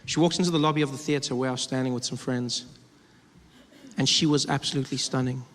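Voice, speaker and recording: A man's voice: mid-range voice, fairly even intonation, fast, fairly bright tone. A man performing stand-up comedy, telling a story and slipping into put-on voices. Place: comedy club stage. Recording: roomy live stage reverb with audience noise.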